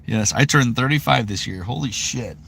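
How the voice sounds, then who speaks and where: A man's voice: medium pitch, normal speed, gravelly, a bit bright, a little hiss or hum. A man in his thirties chatting casually on a live stream, rambling with lots of fillers. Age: 30s. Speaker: voice actor streaming.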